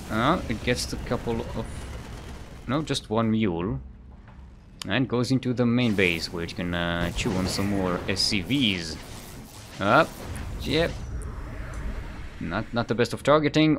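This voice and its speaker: A man's voice: fairly low pitch, measured pace, pauses often, noisy background. A man casting a live video game match, rambling and correcting himself often with a light chuckle, while faint music plays behind. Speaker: esports caster.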